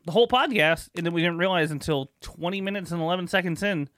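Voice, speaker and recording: A man co-hosting a casual podcast, loud and laughing often, swearing freely as he tells stories. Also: high-pitched, fast, no echo, studio quality. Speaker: podcast co-host. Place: podcast studio.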